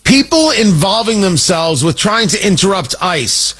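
A man's voice: sits high, big pitch swings, measured pace, fairly bright tone, slightly rough, low-quality recording. A man hosting an opinion show, talking in an indignant, combative, mocking way. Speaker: political commentator host. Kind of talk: opinion monologue.

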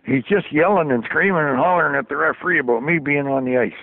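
An older man telling a story in a folksy, animated way, chuckling as he goes. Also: fairly high pitch, quick pace, vocal fry, no echo. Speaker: storyteller guest. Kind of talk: casual anecdote on radio. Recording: tinny phone line on radio.

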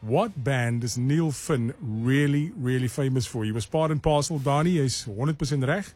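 A man's voice: medium pitch, normal speed, a little mellow, slightly rough, faint music behind. A man hosting a breakfast radio quiz, teasing his co-host and reading out clues and listener answers.

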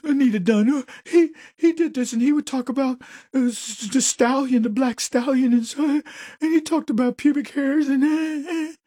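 A man mockingly voicing a fretful woman in a high, whiny falsetto. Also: normal speed, dark tone, no room sound.

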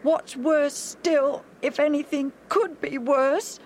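A woman voicing Alf, a gentle, tender-hearted boy who speaks in a high, earnest way. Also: fairly even intonation, slow pace, a little hiss or hum. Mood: tearful. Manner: high, earnest, near tears when sad.

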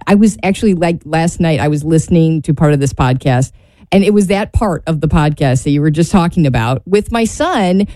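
A woman's voice: fairly low pitch, mellow, dry recording. A woman co-hosting a faith radio talk show, chatting casually and laughing often at herself.

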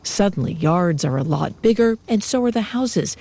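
A female reporter narrating a news feature with a measured, even delivery. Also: on the low side, vocal fry.

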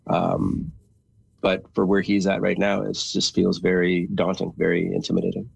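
A man's voice: sits low, completely flat delivery, moderate pace, gravelly, breathy edge, dry recording. A man speaking as a radio interview guest, reflective and earnest. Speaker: guest, father of a graduate.

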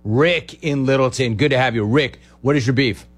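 A man hosting a call-in radio show, brash and quick, riffing and repeating words for comic effect. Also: medium pitch, husky. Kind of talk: sports talk radio call-in.

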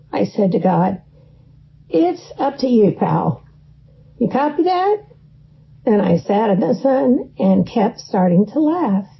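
A woman's voice: fairly high pitch, vocal fry, slight background noise. A woman reading her own memoir aloud in a wry, dry storytelling manner. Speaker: narrator. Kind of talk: first-person memoir reading. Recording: dull lo-fi recording.

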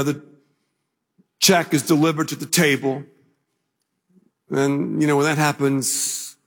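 An older man preaching a sermon as pastor, telling a story in a relaxed conversational way before building to emphatic declarations. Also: fairly high pitch, long reverb tail.

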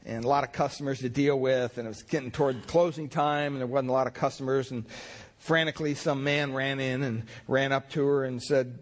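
A man's voice: medium pitch, fairly even intonation, a little fast. A male pastor preaching a sermon, telling stories in a folksy, rambling way. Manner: folksy storytelling with fillers.

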